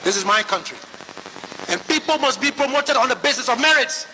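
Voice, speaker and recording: A man giving a forceful public political speech to a crowd. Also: extremely high pitch, expressive, a little fast, big-room sound, a little hiss or hum, low-quality recording. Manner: forceful oratory.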